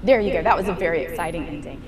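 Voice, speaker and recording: A woman piano teacher speaks very fast in a lowish voice while coaching a young student in a master class, offering encouragement and guiding questions. The setting is a room with a piano, and piano music plays in the recording.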